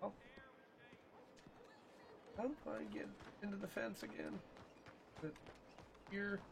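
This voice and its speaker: A man's voice: high-pitched, takes it slowly, gravelly, noisy background. A man chatting and joking casually while playing a video game. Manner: chatty, joking, talks to horse. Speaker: gamer.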